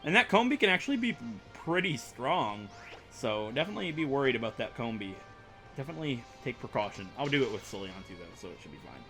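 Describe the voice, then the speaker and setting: A young man chatting through a game playthrough, rambling and poking fun at himself. His voice swings animatedly up and down with a bright, forceful edge, and faint music plays underneath. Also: mid-range voice, very animated, quick pace. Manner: rambling, self-mocking, chatty. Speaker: gaming YouTuber. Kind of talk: let's play commentary.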